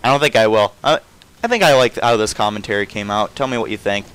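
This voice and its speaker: A man's voice: fairly low pitch, fast talker, fairly bright tone, clear, resonant tone, low-quality recording. A young man giving casual, rambling commentary over a video game, often stopping and restarting his thoughts. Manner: rambling, self-interrupting, trails off often. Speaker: gameplay commentator.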